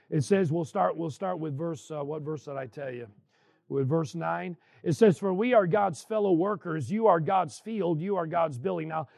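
Gravelly high-voiced male preacher. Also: darkish tone, dry recording, lo-fi sound. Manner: conversational preaching with frequent "right?" tag questions; reads scripture aloud, pausing to explain. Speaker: pastor. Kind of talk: sermon.

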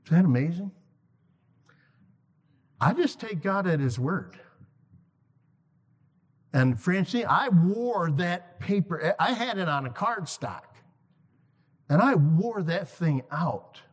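A man preaching a sermon to a congregation, emphatic, repeating key lines slowly for effect. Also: high-pitched, expressive, husky. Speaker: guest preacher. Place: church sanctuary. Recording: long reverb of a large hall.

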